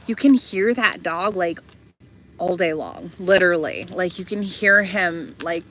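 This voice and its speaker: A woman's voice: medium pitch, sharp tone. A young woman rambling through a casual story from inside her van, full of fillers, restarts and little laughs. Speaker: vlogger.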